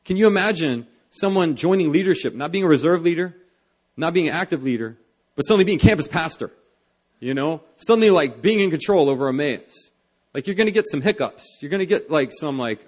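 A man's voice: fairly high pitch, big pitch swings, fairly quick. A young adult man preaching a sermon in an earnest, conversational way, with many fillers and restarts as he tells a personal story. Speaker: pastor.

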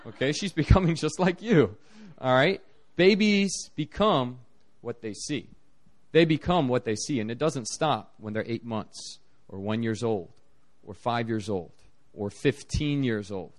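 A man preaching a sermon as a missionary, telling stories in an animated way with big swings in his voice. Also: measured pace. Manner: animated storytelling, lively pitch swings.

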